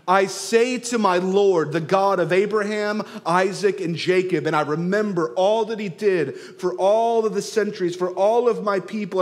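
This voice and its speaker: A man preaching a sermon, rising loud on key phrases and dropping soft and slow to draw them out. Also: sits high. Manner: swells and drops in loudness for emphasis, slows on key words. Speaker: pastor. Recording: long hall reverb.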